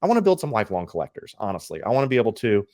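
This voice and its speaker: A man talking casually as a podcast co-host, opinionated and animated, with his pitch swinging up and down. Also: very fast, dry recording, studio quality. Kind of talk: casual chat.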